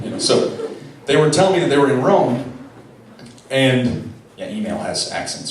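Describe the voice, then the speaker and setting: A man's voice: medium pitch, animated, fast talker, a little hiss or hum. A young man giving a conversational homily, telling a personal story with casual, wry asides and frequent restarts. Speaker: preacher. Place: large echoey church. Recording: echoey church from far off.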